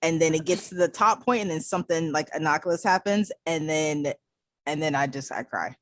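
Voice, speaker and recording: A woman's voice: low voice, normal speed, no echo, clean studio sound. A young woman co-hosting a casual chat podcast, retelling things in a dramatic, self-mocking way. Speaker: podcast co-host.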